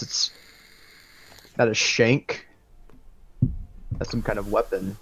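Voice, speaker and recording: A man's voice: lowish voice, flat delivery, slow pace, fairly bright tone. A man as a player in a tabletop game, speaking casually and hesitantly.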